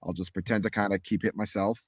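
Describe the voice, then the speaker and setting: Animated man, low voice, dry sound. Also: quick pace, husky, no echo. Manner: animated, demonstrates vocal warm-ups as he talks. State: voice a little sore. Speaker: voice actor guest. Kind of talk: casual chat explaining voice acting.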